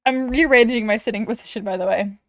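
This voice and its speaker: A woman streaming a game, reacting excitably with swearing, rants and laughter. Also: on the high side, fast, no echo, clean studio sound. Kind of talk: let's play commentary.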